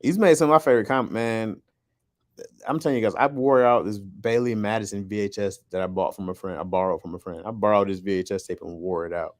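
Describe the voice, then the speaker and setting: A man's voice: on the low side, steady tone, fast, no echo, clean studio sound. A man chatting casually on a podcast, rambling and joking as he tells stories. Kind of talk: casual chat.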